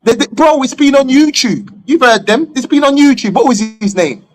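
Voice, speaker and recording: A man's voice: extremely high pitch, animated, moderate pace. A man from England, a stream guest talking bluntly and opinionatedly, swearing freely. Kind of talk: casual chat on a live stream.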